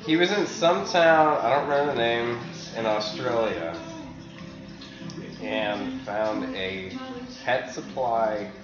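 A man co-hosting a podcast in casual chat, dropping dry, deadpan quips. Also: medium pitch, slow, echoey room, lo-fi sound, over music. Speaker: podcast co-host.

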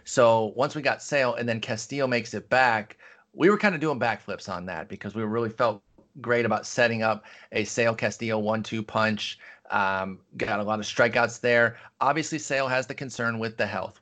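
A man co-hosting a fantasy baseball show, giving steady, lengthy answers in a radio interview about his picks. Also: medium pitch, moderate pace.

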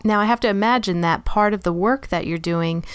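A woman interviewer asking measured, affirming questions. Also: mid-range voice, clear, resonant tone, dry recording.

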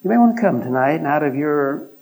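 Hoarse preacher pleading earnestly. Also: male voice, a little high, animated, a little mellow. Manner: earnest, pleading, drawn-out pauses. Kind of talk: sermon.

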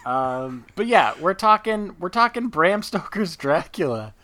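A man's voice: high voice, very animated, unhurried, bright, forceful tone, slight background noise. A man hosting a movie podcast, talking in a rambling, enthusiastic way full of asides. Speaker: podcast host. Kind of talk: casual chat.

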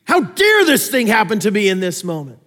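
Pastor, male, fairly high voice, animated sermon delivery, long hall reverb. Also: fairly quick. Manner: animated storytelling, swings from loud emphasis to quiet asides.

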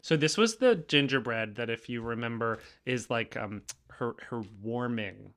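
A man's voice: mid-range voice, measured pace, fairly bright tone. A man co-hosting a podcast in casual chat, chatty and full of fillers and restarts. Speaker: podcast co-host.

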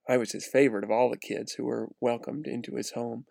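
A man narrating a first-person story aloud in an earnest, steady reading with small restarts. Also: mid-range voice, brisk, vocal fry, no echo.

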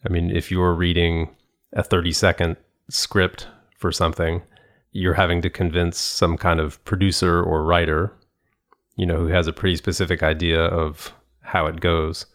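A man's voice: low voice, little pitch movement, normal speed, fairly bright tone. A man co-hosting a casual conversation, telling stories in a thoughtful, rambling way with frequent restarts and laughs. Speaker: podcast co-host.

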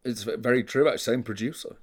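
A man's voice: medium pitch, rapid-fire. A man in casual chat, giving wry, emphatic opinions with dry humour.

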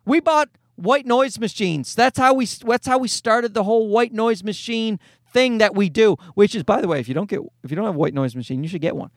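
A man's voice: high voice, brisk, no room sound, studio quality. Exasperated profane man ranting. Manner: exasperated, profane, rambling with restarts. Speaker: podcast host. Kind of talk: casual comedic rant.

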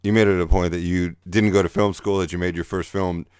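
A man's voice: low voice, flat delivery, brisk, a little mellow, clear, resonant tone, dry recording, clean studio sound. A man interviewing a filmmaker, asking blunt, joking questions in a casual way.

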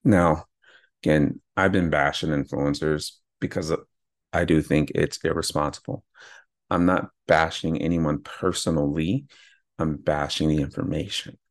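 A man's voice: a bass voice, steady tone, a little slow, no echo, studio quality. A man hosting an unscripted solo podcast, talking in a casual, rambling way and often correcting himself mid-sentence. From California. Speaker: podcast host.

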